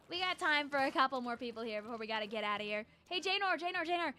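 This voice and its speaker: A woman's voice: high voice, animated, racing, hardly any pauses, bright, forceful tone, soft background music. A woman streaming a game, chatting playfully with her viewers and tossing in silly sound effects. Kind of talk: casual live-stream chat while gaming.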